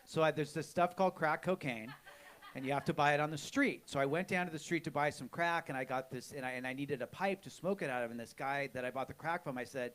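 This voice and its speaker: A man's voice: on the high side, fast, a bit bright. A man hosting a live podcast, telling stories in a frank, self-mocking way with rambling restarts. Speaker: podcast host. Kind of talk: live storytelling chat. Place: live show before an audience.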